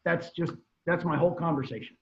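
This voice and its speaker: A man's voice: a little high, brisk. Emphatic middle-aged man on a muffled call. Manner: emphatic, repeats key phrases, storytelling. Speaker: guest real estate trainer. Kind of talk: conversational advice on a video call. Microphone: video call. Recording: muffled video call audio.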